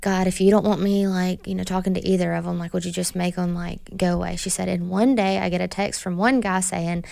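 Gravelly-voiced woman radio co-host. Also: on the low side, flat delivery, fairly quick, darkish tone. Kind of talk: casual radio talk.

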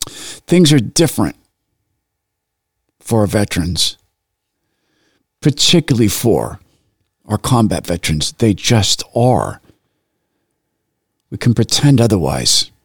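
A middle-aged man telling a personal story in an earnest, emotional way, with pauses and restarts. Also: low-pitched, no room sound, clean studio sound.

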